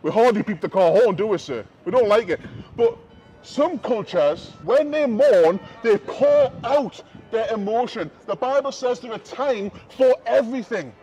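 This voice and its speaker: A man's voice: sits high, mellow, husky. A man preaching an open-air street sermon, impassioned and repetitive, building emphasis. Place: outdoors on a city street. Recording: dull lo-fi outdoor recording with faint noise.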